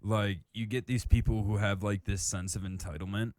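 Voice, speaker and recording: A man's voice: fairly low pitch, steady tone, moderate pace, darkish tone, dry recording, clean studio sound. A man from Michigan, a guest on a casual podcast, talking profanely and laughing a lot as he reads. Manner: profane, laughs through his reading. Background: music.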